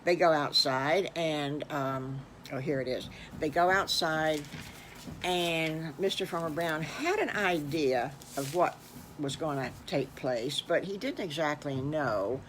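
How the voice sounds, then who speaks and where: An older woman telling an improvised story to children, speaking in a halting, homey way. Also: low-pitched, slight background noise. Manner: halting, with fillers and restarts, homey.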